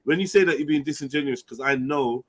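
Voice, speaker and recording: A man hosting a live online panel, insistent, cutting in, and stressing words slowly. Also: mid-range voice. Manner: insistent, interrupts, slow deliberate emphasis. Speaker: panel host. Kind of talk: heated casual debate.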